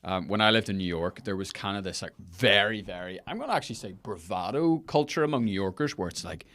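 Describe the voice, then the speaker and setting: A man's voice: lowish voice, quick pace, a bit bright, no echo. A man hosting a podcast, chatting in a candid, casual way. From Northern Ireland. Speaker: podcast host. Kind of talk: casual interview chat.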